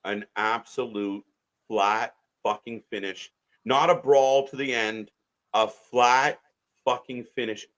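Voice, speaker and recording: A man's voice: medium pitch, fairly even intonation, takes it slowly, a bit bright. A man co-hosting a live wrestling watch-along, blunt and disgusted, swearing heavily. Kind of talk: profane live commentary chat.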